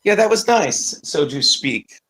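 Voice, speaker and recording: A little high and very animated, this man's voice moves at a measured pace with a fairly bright tone over slight background noise. As co-host of a livestream talk show, he tells a rambling story in casual chat while walking around a house indoors on a phone call.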